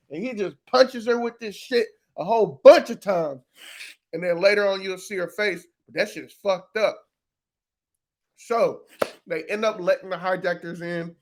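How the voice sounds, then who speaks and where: A man talks through a TV episode in a loose, unscripted recap. His voice sits a little higher than most men's, and he is casual and profane, with plenty of fillers. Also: moderate pace. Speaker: reaction video host.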